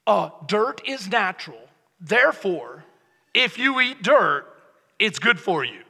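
A man's voice: high-pitched, very animated, slow pace, creaky, pauses often, sharp tone, breathy edge, in a large hall. A pastor man preaching a sermon, emphatic and rhetorical, often mocking the other side's words. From Texas. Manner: emphatic, rhetorical, mock-quotes opponents. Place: church sanctuary.

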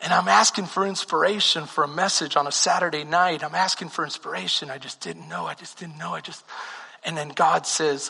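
A middle-aged pastor from Texas preaching a sermon, repeating phrases and swinging between shouted fervor and hushed storytelling. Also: male voice, a little high, steady tone, moderate pace, gravelly, breathy edge. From Texas, USA. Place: church sanctuary. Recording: long reverb of a church hall.

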